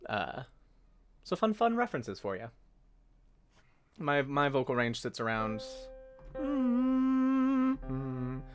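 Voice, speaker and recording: A man's voice: medium pitch, sing-song, measured pace, pauses often, fairly bright tone, soft background music. A young man hosting a casual songwriting livestream, rambling and correcting himself as he talks, now and then singing a note. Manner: rambling, self-correcting, breaks into sung notes. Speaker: livestream host.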